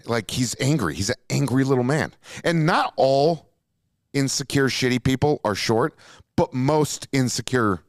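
A man from Minnesota with a mid-range voice speaks a little slowly as he hosts a podcast, recorded dry in studio quality. Animated and profane, he tells a long, casual story and jumps into quotes he performs.

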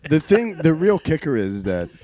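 A man's voice: fairly high pitch, very animated, normal speed, warm tone. A man in a casual chat, throwing in dry, crude wisecracks.

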